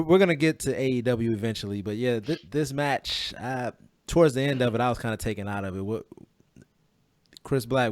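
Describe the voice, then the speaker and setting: A man's voice: on the low side, darkish tone, no echo. A man hosting a casual wrestling podcast, joking and laughing often as he leads the rundown. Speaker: podcast host.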